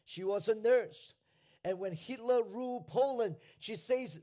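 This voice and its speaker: Man, pastor, sermon, high voice, slow deliberate delivery, repetition, hushed to shouting swings. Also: expressive. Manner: repeats phrases for emphasis.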